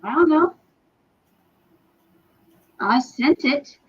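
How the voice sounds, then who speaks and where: A woman's voice: high-pitched, expressive. Woman chatting on dull lo-fi audio. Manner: rambling, halting, self-correcting. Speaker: livestream participant. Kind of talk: casual chat.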